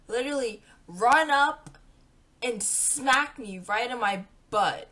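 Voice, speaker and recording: A young woman tells a storytime to her vlog audience in a bright, forward voice. She is chatty and animated, and she jumps into the voices of her friends as she goes. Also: a little high. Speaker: vlogger.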